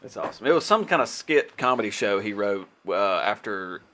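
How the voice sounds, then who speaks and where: A man's voice: fairly low pitch, lively intonation, fairly bright tone. A man co-hosting a podcast, chatting in an easygoing way and reading blurbs aloud. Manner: easygoing, quick yeahs, reads blurbs aloud. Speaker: podcast co-host. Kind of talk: casual chat.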